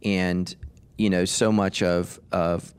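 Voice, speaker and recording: A man's voice: deep voice, level tone, slow, clear, resonant tone. A middle-aged man, a pastor hosting a podcast, talking emphatically in a casual discussion, with frequent restarts.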